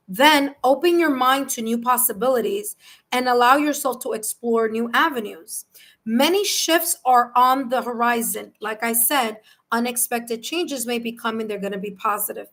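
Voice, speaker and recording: New york lady reading tarot live, kinda high voice, animated, keeps repeating herself. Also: rough recording. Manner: animated, repeats phrases, reads cards and chat aloud. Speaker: tarot reader.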